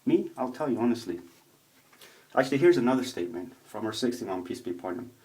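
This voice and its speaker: A man in a casual, rambling video monologue, swearing a lot as he tells stories in an animated way. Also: mid-range voice, fast talker. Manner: profane, rambling, animated storytelling. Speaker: vlogger. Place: home room with a roommate nearby.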